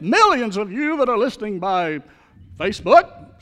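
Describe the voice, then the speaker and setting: Male pastor with a high voice, preaching with call-and-response in a large sanctuary, long reverb. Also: lively intonation, moderate pace, fairly bright tone. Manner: storytelling with call-and-response, leading the congregation in repeated phrases. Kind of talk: sermon.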